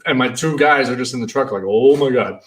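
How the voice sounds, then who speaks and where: A man who runs a party rental business, telling stories in a casual, animated way and acting out the shouting in them. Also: medium pitch, a little fast, far from the mic, slight background noise. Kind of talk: casual storytelling.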